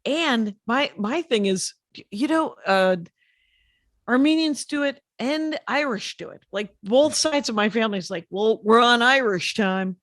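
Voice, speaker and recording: An older woman comedian talking fast and wryly in a casual podcast chat. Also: a little high, expressive. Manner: fast-talking, wry, jokey. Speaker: guest comedian.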